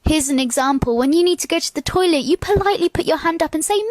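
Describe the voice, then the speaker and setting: A woman's voice: very high voice, fast, no echo. A woman complaining about school in an indignant, sarcastic rant. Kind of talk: comedic storytime rant.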